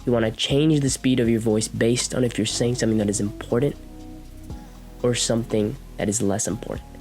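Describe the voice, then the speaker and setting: A man's voice: mid-range voice, fairly even intonation, fairly quick, a little mellow, soft background music. A young man hosting a self-improvement video, giving direct spoken advice on how to talk to people. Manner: direct, coaching tone with demonstrations of speech. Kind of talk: instructional talk to camera.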